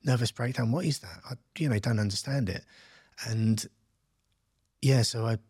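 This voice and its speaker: Recorded cleanly in a studio with no room sound, this man speaks at a moderate pace in a medium-pitched voice with a breathy edge. He's an English entrepreneur in his thirties, a podcast guest recounting his life in a relaxed interview. He's animated and performs the voices of people he quotes.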